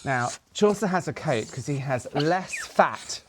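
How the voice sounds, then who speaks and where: Lively chatty vlogger. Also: measured pace, noisy background. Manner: chatty, breaks into high sing-song baby talk with the dogs. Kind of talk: casual vlog narration. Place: a house and snowy fields outdoors.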